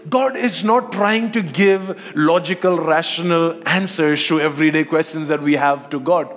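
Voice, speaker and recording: A man's voice: a little high, normal speed, a bit bright. A man preaching a sermon, firing off rhetorical questions and checking in with his listeners. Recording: long hall reverb.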